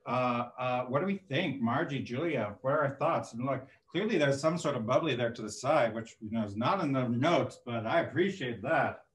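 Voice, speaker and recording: A man's voice: mid-range voice, normal speed, hardly any pauses. Male host, playful and chatty, mid-range voice, roomy call audio. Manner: chatty, jokey, hums to himself. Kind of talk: casual, playful hosting over video call. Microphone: video call.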